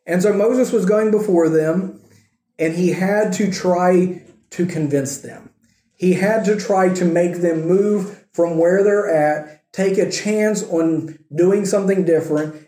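A man's voice: sits high, warm tone, reverberant. A male preacher telling a story in a conversational sermon, asking his listeners rhetorical questions.

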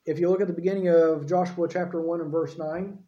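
A man's voice: on the high side, steady tone, fairly quick, warm tone. A man preaching a sermon in a conversational way, often checking in with his listeners. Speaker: pastor. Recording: echoey room, dull lo-fi sound.

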